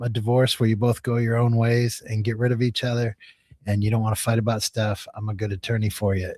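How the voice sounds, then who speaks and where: A man's voice: mid-range voice, darkish tone, no echo. Male host, chatty storyteller, laughs a lot, dry close mic. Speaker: livestream host, attorney. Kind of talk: casual livestream chat.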